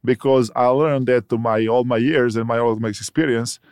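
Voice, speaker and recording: A man who is not a native English speaker, a guest on a chat podcast, talking in a halting way and searching for words. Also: mid-range voice, fairly even intonation, darkish tone, clean tone, no room sound, clean studio sound. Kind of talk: casual chat.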